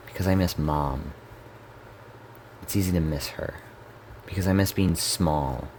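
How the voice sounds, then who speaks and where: A man giving a dramatic reading of a story game in a quiet, subdued, measured delivery. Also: low-pitched, slight background noise. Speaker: story reader.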